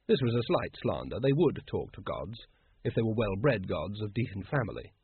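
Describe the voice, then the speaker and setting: A man narrating an audiobook with dry, measured storytelling and a very husky voice. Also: medium pitch. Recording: dry, phone-like narrow sound.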